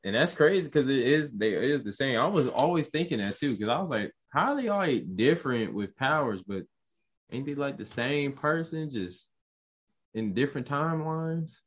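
Excitable young man, lively swooping voice. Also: medium pitch, moderate pace. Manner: excitable, slangy, rises sharply when enthused. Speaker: podcast co-host. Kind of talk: casual podcast recap chat.

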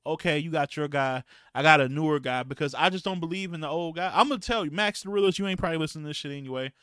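A man hosting a battle rap podcast, talking in a loose, slangy, profane and rambling way, clearing his throat now and then. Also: a little high, rapid-fire, pushed and bright, dry recording, studio quality. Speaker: podcast host and battle rap league promoter. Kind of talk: casual podcast talk.

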